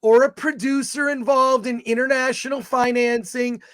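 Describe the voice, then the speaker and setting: A man's voice: extremely high pitch, fairly even intonation, moderate pace, fairly bright tone, no room sound, studio quality. A man co-hosting a casual film review chat, opinionated and blunt, rambling through his thoughts.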